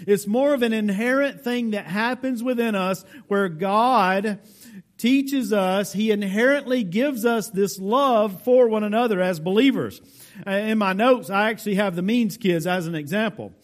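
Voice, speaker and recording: An American pastor with a notably high voice teaches a verse-by-verse Bible sermon. He is deliberate and explanatory, stressing key words and speaking directly to the congregation.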